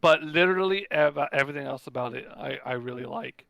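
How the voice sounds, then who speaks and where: A man's voice: fairly high pitch, fast, gravelly, bright, forceful tone, no room sound, dull audio. A man who is losing his voice, speaking hesitantly with many restarts in a casual group chat.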